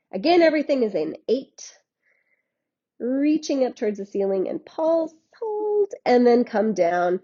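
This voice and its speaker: A woman's voice: on the high side, mellow, highs cut off. A woman fitness instructor guiding a workout in a chatty, encouraging way, laughing often.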